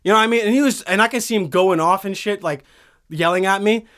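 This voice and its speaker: A man's voice: high voice, quick pace, fairly bright tone. A man of twenty-one telling a rambling, profane story in casual podcast chat, heated and swearing often. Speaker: podcast guest. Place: recording studio.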